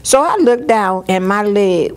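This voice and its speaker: A woman telling a personal story in an interview, lively, and she acts out what others said. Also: mid-range voice, a little slow. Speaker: storyteller sharing her life.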